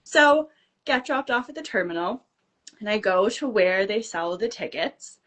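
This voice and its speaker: A woman guest telling a story in casual chat, animated and acting out the dialogue. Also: medium pitch, normal speed.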